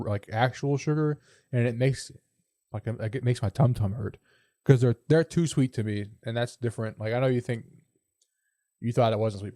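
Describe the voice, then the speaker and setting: A man's voice: medium pitch, warm tone, no room sound, studio quality. A young man co-hosting a casual podcast, ranting bluntly about things that annoy him. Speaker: podcast co-host. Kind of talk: casual chat.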